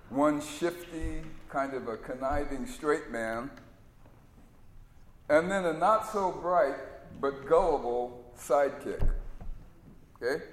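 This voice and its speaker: A man preaches a sermon in a relaxed, storytelling manner, taking his time with every phrase. His voice sits slightly high for a man. It rings through a large hall with a long reverb. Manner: storytelling, conversational.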